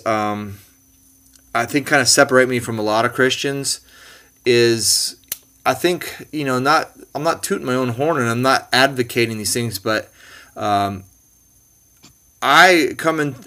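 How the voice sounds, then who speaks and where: A man in his forties from the Bay Area hosts a casual podcast chat. He rambles, restarts and fills pauses as he thinks aloud. His voice is bright and crisp, sitting at a middle pitch. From California Bay Area. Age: 40s. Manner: rambling, many fillers and restarts. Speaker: podcast host. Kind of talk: casual conversation.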